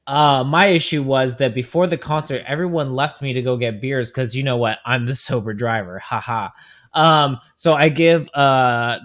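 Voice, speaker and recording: Chill guy on a podcast, medium voice, rambling and cursing casually. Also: medium pitch. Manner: relaxed, swears casually, rambling. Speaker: podcast co-host. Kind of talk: casual storytelling chat.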